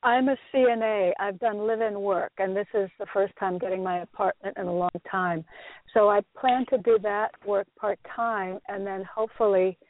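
A woman calls in to a radio show and asks her questions in short, earnest bursts. Her voice sits at an ordinary middle pitch. It reaches the listener over a dry, thin phone line. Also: fairly even intonation, normal speed, dry recording. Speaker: caller.

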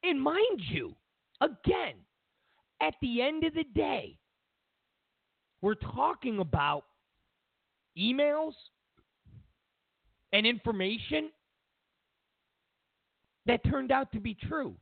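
Animated gravelly male talk host. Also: extremely high pitch, slow, long pauses, no echo. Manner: animated, emphatic, sarcastic hypotheticals. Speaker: political talk show host. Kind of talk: opinionated monologue. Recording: tinny phone-like audio.

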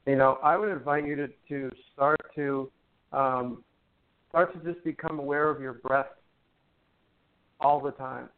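A man guest on a talk show, gently explaining breath and meditation in a chatty, teacherly way with playful jokes. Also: medium pitch, fairly even intonation, a little slow, pauses often. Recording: tinny phone line.

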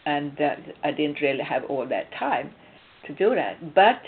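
A woman's voice: deep voice, very animated, unhurried. A woman from Sweden, a spiritual coach, giving casual relationship advice through personal stories, emphatic with hesitant restarts. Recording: tinny phone-like sound.

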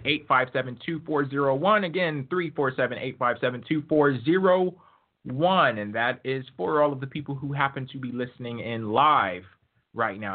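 A man hosting a casual wrestling podcast, talking in a relaxed, laid-back way. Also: medium pitch. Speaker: podcast host. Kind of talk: casual chat. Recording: phone-like lo-fi line.

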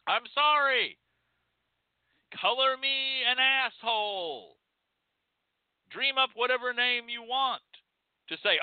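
A man's voice: extremely high pitch, slow pace, pauses often, no echo. A man hosting a show, delivering a blunt, profane, ranting monologue. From Texas. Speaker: podcast host. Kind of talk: impassioned monologue. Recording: dry, tinny phone-like sound.

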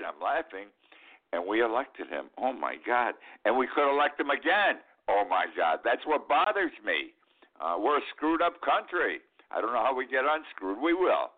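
Elderly male host in his eighties, low voice with lively swings, rambling and indignant, heard over a phone-thin line. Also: phone-quality sound. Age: 80s. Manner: rambling, indignant, repeats himself. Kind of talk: opinionated political commentary.

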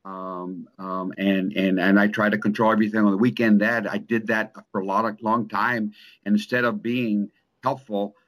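Middle aged guy, lowish voice, stumbles and restarts a lot, earnest, kinda emotional. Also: flat delivery, fairly bright tone. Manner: halting, with many restarts and repeated words. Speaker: coaching client. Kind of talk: personal testimonial in conversation.

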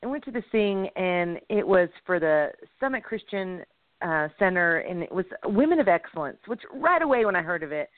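A woman's voice: fairly low pitch, moderate pace, no echo. A woman co-hosting a Christian comedy radio show, chatting animatedly and laughing at herself. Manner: animated, chatty, laughs often, self-deprecating. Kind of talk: casual chat. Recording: tinny phone line.

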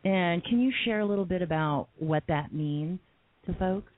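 A woman hosting a talk radio interview, excited and chatty with a few fillers, over a tinny line. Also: on the low side, normal speed, no echo. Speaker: radio show host.

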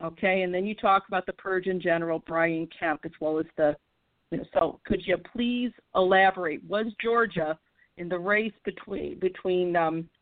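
A woman's voice: on the low side, fairly even intonation, no echo. Woman interviewer on a tinny line. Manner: reads quotes aloud, halting with fillers. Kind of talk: radio interview, reading quotes. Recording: dry, tinny phone line.

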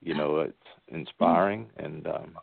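A man with a Louisiana accent calls in, hesitant and halting. His voice is very deep and gravelly. The line is dry, tinny and phone-like. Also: no echo. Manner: hesitant, halting, many fillers. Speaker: caller.

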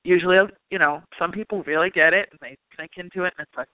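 Here the same kind of host, a man who reads spiritually and runs a talk show, speaks fast in a high, steady voice, barely pausing. His talk is casual and full of "you know" and "like." The sound is dry and tinny as if over a phone, without echo.

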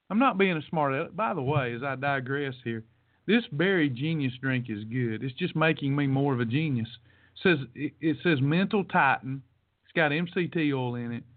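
A man's voice: on the high side, dry recording. A man hosting a podcast in a casual, playful motivational monologue, folksy and teasing. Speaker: podcast host. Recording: dry, tinny phone-like sound.

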